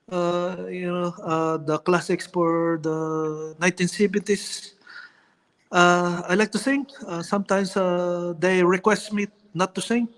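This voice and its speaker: Man doing a slow boastful Filipino politician. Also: high voice, fairly even intonation, a bit bright, smooth. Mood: deadpan boastful. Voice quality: slow halting delivery full of "uh". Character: middle-aged Filipino boxer-turned-senator man, boastful.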